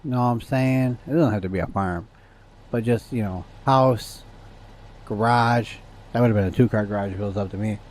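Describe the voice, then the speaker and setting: A man's voice: on the low side, normal speed, a little mellow. A man streaming a game, chatting casually and ranting to his viewers with plenty of swearing. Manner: profane, ranting to chat. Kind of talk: casual gameplay chat.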